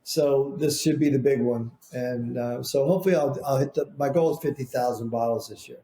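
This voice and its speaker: A man, a business founder, telling rambling, animated stories as a podcast guest. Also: medium pitch, brisk. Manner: rambling, animated storyteller with restarts. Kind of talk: casual storytelling interview. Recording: roomy echo.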